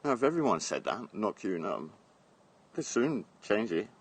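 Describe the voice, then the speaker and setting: A blunt, middle-aged man from England with a low, deep voice rambles through a live stream from his garden. He holds the phone at arm's length and chats loosely, laughing between his remarks and swearing freely. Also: sing-song, normal speed, breathy edge. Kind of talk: casual live-stream chat. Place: outdoors in a garden. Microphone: phone held at arm's length.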